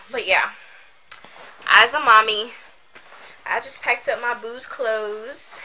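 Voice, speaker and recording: Packing at home, a young woman chats to her vlog audience in a slightly high voice with lively intonation and a slow pace, sounding pushed and bright. She's goofy, overdramatic, and slangy; the built-in camera mic gives poor audio with slight background noise.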